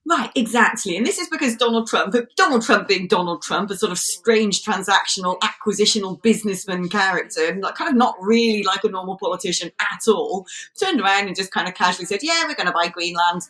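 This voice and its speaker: A woman's voice: mid-range voice, brisk, bright, forceful tone. Woman from Britain, co-host, sarcastic, mocking, political chat. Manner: sarcastic, mocking, puts on comic voices.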